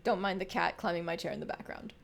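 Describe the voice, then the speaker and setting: A woman streaming a game, chatty and quick to laugh as she comments and reads aloud. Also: lowish voice, gravelly, slight background noise. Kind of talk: casual game playthrough commentary and reading.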